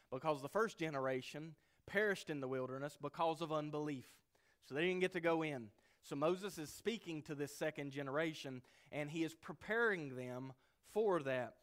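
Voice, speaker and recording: A man preaching a sermon as pastor, earnest, dropping to quiet low asides and rising to loud emphatic peaks.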